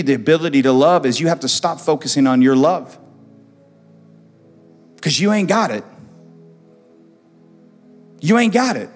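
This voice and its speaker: A male pastor preaching a sermon with passion, repeating phrases, swinging from hushed tones to loud. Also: on the high side, lively intonation, measured pace, long pauses. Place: church hall. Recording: church hall with long reverb, soft music.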